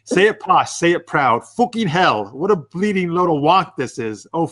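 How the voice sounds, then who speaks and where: A man's voice: fairly high pitch, big pitch swings, moderate pace, a bit bright, voice pushed up. A man putting on an exaggerated, clumsy British accent as a swearing posh bloke. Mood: mocking. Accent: imitated British.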